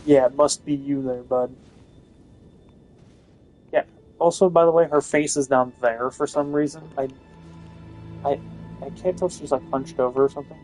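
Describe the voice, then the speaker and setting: A man's voice: mid-range voice, steady tone, normal speed, pauses often, a little mellow, soft background music, poor audio. A young man giving casual gameplay commentary, rambling with lots of fillers and self-corrections. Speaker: gaming video host.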